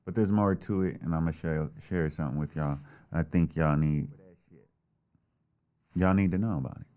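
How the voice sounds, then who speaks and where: A man's voice: extremely low pitch, moderate pace, dark tone, clean tone. A man delivering a blunt, heated, heavily profane solo political rant. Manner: blunt, heated, swears often. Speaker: political commentator.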